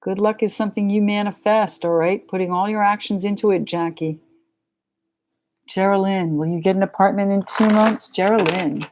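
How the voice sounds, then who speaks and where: A woman's voice: medium pitch, fairly even intonation, normal speed, a little mellow, slight background noise. Chatty New England woman reading tarot. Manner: chatty, frank and joking. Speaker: tarot reader.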